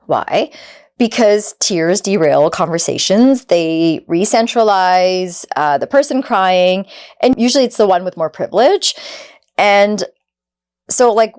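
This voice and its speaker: A woman's voice: mid-range voice, animated, measured pace, a little mellow. A woman hosting a podcast, talking earnestly and conversationally, often saying "like" and acting out quoted dialogue. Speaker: podcast host. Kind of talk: reflective podcast monologue.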